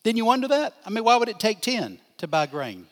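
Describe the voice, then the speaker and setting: A man's voice: high voice, big pitch swings, brisk. An older man, a pastor, teaching a Bible class in a conversational way, putting questions to his listeners and answering them. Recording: long hall reverb.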